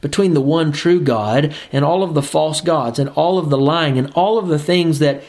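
A man's voice: fairly high pitch, moderate pace, darkish tone. A man preaching a sermon and reading scripture aloud, emphatic and rising on key phrases.

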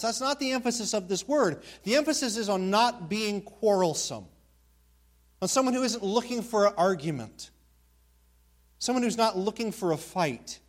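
A pastor preaching an expository sermon, repeating key words and asking rhetorical questions. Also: male voice, high voice.

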